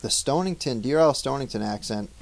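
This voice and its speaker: A man's voice: medium pitch, animated, fairly quick, creaky, a little hiss or hum, rough recording. A man from Maine co-hosting a casual podcast chat, telling laid-back stories and laughing often. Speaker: podcast co-host.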